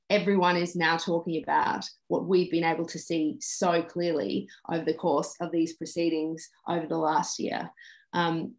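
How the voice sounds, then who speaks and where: Low-voiced woman lawyer. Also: rough recording. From Australia. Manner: measured, brief. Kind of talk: press conference statement.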